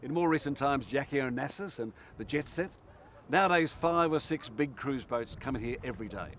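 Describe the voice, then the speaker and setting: An Australian man narrating a current affairs story in a wry, measured voice-over. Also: medium pitch, animated, a bit bright, a little hiss or hum. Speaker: TV reporter. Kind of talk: scripted news narration. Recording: voice-over with music underneath.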